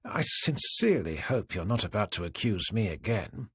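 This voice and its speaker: A man's voice: fairly low pitch, huge pitch swings, moderate pace, fairly bright tone, breathy edge, dry recording, clean studio sound, exaggerated voice. A man voicing a smug, smirking politician who is a villain, speaking with false politeness in an audiobook reading. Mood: smirking, sly.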